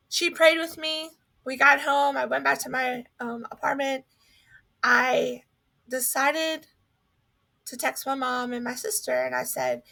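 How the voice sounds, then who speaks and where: A woman's voice: sits high, expressive, unhurried, creaky, sharp tone. A young woman from North Carolina sharing a personal faith testimony, telling her story earnestly and acting out what she thought.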